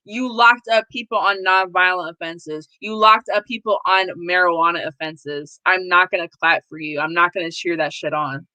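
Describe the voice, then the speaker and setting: A woman's voice: lowish voice, fairly even intonation, moderate pace, hardly any pauses, sharp tone, dry recording, rough recording. Blunt, profane woman hosting a live stream. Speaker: host. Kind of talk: casual political live stream chat.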